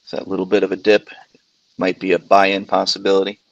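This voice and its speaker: A man's voice: low voice, completely flat delivery, a little fast, gravelly, dry recording, dull audio. A man chatting casually in a stock discussion group, easygoing and cautious. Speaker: regular in a stock chat.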